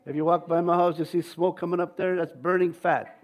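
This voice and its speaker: A man's voice: on the high side, steady tone, fairly quick, highs cut off, a little hiss or hum. A male pastor preaching a sermon in a conversational way, acting out quoted voices and often repeating words.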